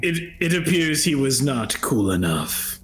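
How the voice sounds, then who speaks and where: Lively, laughing man at the game table. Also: mid-range voice, measured pace. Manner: jokey and laughing, lively intonation. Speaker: player. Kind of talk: casual tabletop play.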